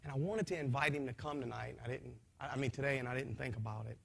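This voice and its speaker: A man telling his testimony to a church gathering, swinging from hushed lines to shouting, repeating phrases, speaking in a folksy way. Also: mid-range voice, quick pace, gravelly, slight background noise.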